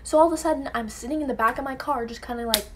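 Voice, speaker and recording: Young woman, storytime vlogger, slightly high voice, animated and chatty with lots of "like", light background hiss. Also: rapid-fire. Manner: animated storytelling, acting out everyone's lines, heavy use of "like". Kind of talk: casual storytime vlog.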